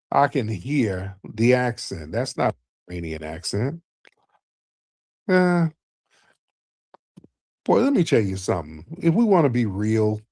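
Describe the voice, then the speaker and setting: A man hosting a live call-in show, talking in a middle-pitched voice with a combative, mocking edge. He keeps throwing "sir" at the caller and slides into long, lecturing stretches. The recording is close and dry, with no room sound. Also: darkish tone, dry recording. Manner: lectures at length in a storytelling way. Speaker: host.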